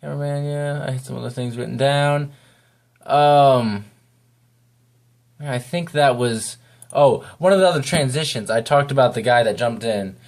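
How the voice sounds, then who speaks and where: A man talks through a video review in a loose, unscripted way. He wanders from point to point at an ordinary pitch and keeps a relaxed, chatty tone throughout. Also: normal speed. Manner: rambling, loose and off the cuff. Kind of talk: casual spoken review.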